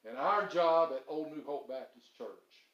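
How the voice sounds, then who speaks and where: A man's voice: a little high, a little slow, fairly bright tone, dull audio. A middle-aged man preaching a sermon, telling stories earnestly and landing points with emphasis. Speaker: pastor. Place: church sanctuary. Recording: roomy church echo.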